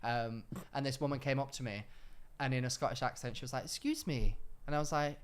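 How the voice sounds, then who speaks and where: A man's voice: mid-range voice, background noise. A man co-hosting a podcast, chatting casually and telling stories with lots of restarts and laughs. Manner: animated storytelling, quick restarts, frequent laughs. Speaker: podcast co-host. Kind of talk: casual chat.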